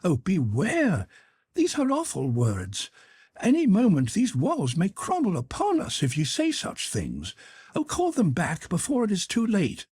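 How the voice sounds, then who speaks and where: A man voicing a timid, frightened young male page in a high, pleading voice, in an audiobook reading. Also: huge pitch swings, slow pace, darkish tone, breathy edge, no echo, full character voice.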